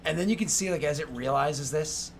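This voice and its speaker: A man narrating as game master in a tabletop game, animated and full of fillers. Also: fairly high pitch, a little fast, a little hiss or hum.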